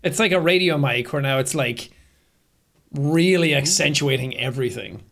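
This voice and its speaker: A man's voice: a little high, normal speed, gravelly, a bit bright. A young man co-hosting a podcast, trading crude jokes and laughing in casual chat. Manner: crude jokey banter, laughs a lot. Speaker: podcast co-host.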